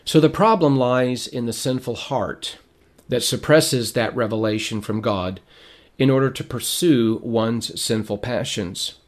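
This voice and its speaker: A man in the middle of his range delivers a sermon-style teaching at a steady, measured pace. His voice is going hoarse, and he stops to clear his throat as he reads passages aloud. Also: mid-range voice. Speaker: preacher.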